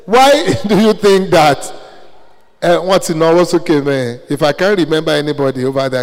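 Nigerian preacher with a higher voice. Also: male voice, a little mellow, in a large hall, rough recording. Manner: asks the congregation questions, then answers them. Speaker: preacher leading a Bible study. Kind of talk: interactive sermon.

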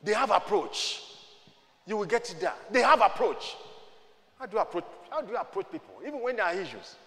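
Male Nigerian preacher, high-pitched, lively sermon delivery, long echo of a church hall. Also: brisk. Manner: animated preaching that swings between quiet and shouting, mixing in Yoruba. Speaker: pastor.

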